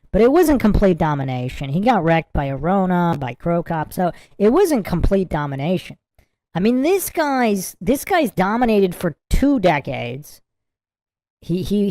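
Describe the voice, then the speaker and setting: A woman with a lowish, dark-toned voice hosts a casual livestream, recorded dry. She rambles through a reaction to a sports clip, repeating herself and dissolving into giggles again and again.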